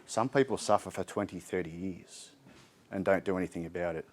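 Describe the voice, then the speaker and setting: Chatty Australian man, lowish voice. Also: fairly even intonation, fairly quick, slight background noise. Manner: candid, chatty, frequent ums and restarts. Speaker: mental health speaker. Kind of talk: informal community talk. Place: indoor community hall.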